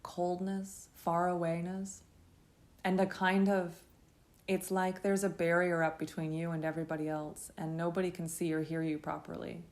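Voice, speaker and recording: A woman speaks in a low, gravelly voice full of vocal fry. She tells her own story in a halting, intense monologue. She pauses and restarts often as she recounts it. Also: flat delivery, a little mellow. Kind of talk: first-person testimony monologue.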